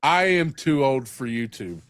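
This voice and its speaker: A man's voice: mid-range voice, sing-song, a little slow, fairly bright tone, dry recording, clean studio sound. A man hosting a casual live-stream chat, rambling and profane and laughing often. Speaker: host.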